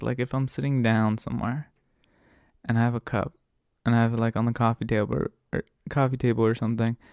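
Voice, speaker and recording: Man, gravelly, casual storytelling, profane, laid-back, dry close sound. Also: medium pitch, darkish tone, no echo. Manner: profane, laid-back, laughs while retelling. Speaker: podcast host.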